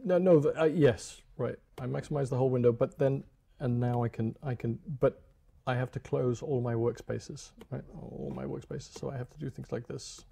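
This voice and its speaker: A man giving a technical lecture in a lecture room, halting with many ums and restarts. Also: mid-range voice, vocal fry, dark tone, slightly rough. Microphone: lapel or stage microphone.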